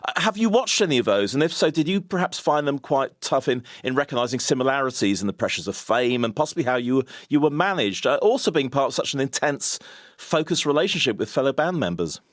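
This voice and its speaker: A man hosting an interview, bubbly and quick to laugh as he asks questions. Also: mid-range voice, expressive, no room sound, clean studio sound. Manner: bubbly and laughing often, with many restarts. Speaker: interview host. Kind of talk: casual interview.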